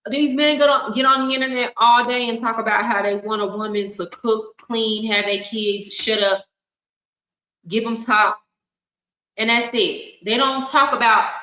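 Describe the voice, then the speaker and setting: Bright-voiced woman, blunt and echoey. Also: fairly high pitch, moderate pace. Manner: frank, blunt, laughs often. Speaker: livestream host. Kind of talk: casual reaction commentary. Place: home in Colombia. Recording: echoey room.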